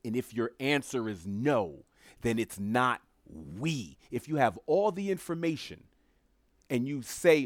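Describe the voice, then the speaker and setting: A man's voice: mid-range voice, lively intonation, a little slow, no echo. A man giving opinionated solo commentary as a podcast host, emphatic and sarcastic, repeating his phrases for effect.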